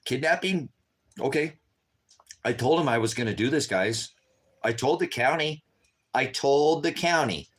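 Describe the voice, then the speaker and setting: A man with a mid-range, expressive, fairly bright voice and a breathy edge livestreams unscripted, unhurried and pausing often. He's tired from staying up all night, yet urgent and repetitive, always addressing viewers as "guys."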